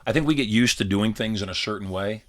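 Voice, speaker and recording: A middle-aged man with a low voice talks on a podcast. He tells personal stories with a steady delivery and slips into quoted dialogue as he goes. He is recorded on a studio mic. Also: fast. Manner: storytelling, acts out quoted dialogue. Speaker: podcast co-host. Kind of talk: casual podcast conversation.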